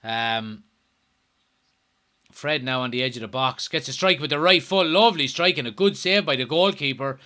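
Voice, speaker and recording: The host of this live football watchalong is a young man speaking at a normal pace with a medium pitch. He reacts excitably, swears plenty, and reads aloud what viewers write.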